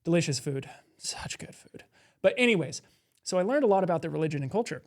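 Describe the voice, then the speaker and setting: Male podcast co-host, high pitch, easy storytelling. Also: animated, racing. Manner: chatty storyteller, mocks callers with put-on lines. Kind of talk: casual podcast chat.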